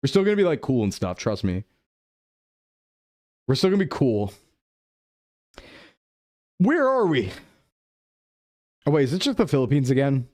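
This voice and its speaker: A young adult man streaming a game live, chatting playfully with his chat and thinking his guesses out loud. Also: mid-range voice, big pitch swings, moderate pace, pauses often, dry recording, studio quality. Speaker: VTuber streamer. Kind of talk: live-stream gameplay commentary.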